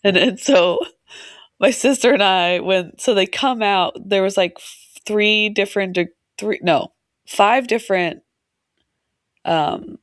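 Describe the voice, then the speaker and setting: A woman in her thirties chats on a podcast with a hoarse, raspy voice, her throat worn down by laryngitis. She tells her stories in an animated way and laughs often. The sound is dry and close, with no room around it. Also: mid-range voice, takes it slowly, no echo. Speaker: podcast co-host. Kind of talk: casual chat.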